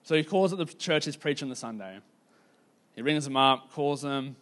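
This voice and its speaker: A man preaching a sermon in a casual, conversational storytelling way, with lots of "like" fillers and slowing down to stress key points. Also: mid-range voice, fairly bright tone. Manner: casual, filler-heavy, slows down for emphasis.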